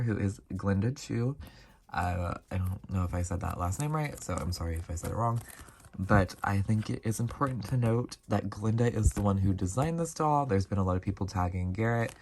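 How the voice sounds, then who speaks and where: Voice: sits low, a little mellow, slight background noise. A channel host giving a casual, chatty doll review, rambling with frequent asides.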